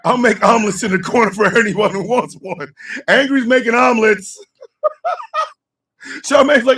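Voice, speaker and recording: A man hosting a casual live chat show, cracking up constantly and shouting out reactions to his audience. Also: extremely high pitch, normal speed, long pauses, husky, recorded from a distance. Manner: laughs constantly, loud exclamations. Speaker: host.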